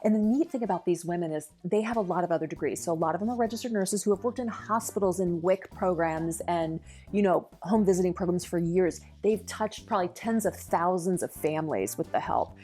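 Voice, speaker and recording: A woman's voice: lowish voice, brisk, few pauses, mellow, soft background music. A middle-aged woman, a lactation consultant and dietitian, speaking earnestly and eagerly as a podcast guest. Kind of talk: podcast interview.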